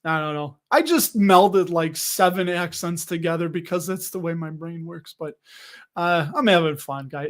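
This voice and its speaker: A young man with a rather high voice hosts a laid-back livestream. He chats with his viewers in a rambling, jokey way, full of fillers and quick self-corrections. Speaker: livestream host reading viewer comments. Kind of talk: casual livestream chat about dividend investing.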